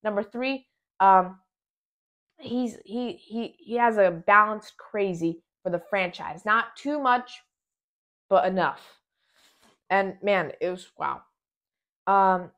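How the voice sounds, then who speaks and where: Excitable rambling woman reviewing a film. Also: medium pitch. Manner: excitable, rambling, frequent restarts. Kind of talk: casual spoiler review.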